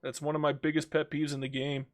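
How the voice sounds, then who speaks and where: A young man with a slightly high voice, tired from hours of streaming a strategy game. He mutters at the game, groans, and cracks jokes as he plays. Soft music plays faintly underneath. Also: flat delivery, quick pace. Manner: talks to himself and the game, groaning and joking. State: worn out after many hours of play. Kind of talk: live-streamed strategy gameplay commentary.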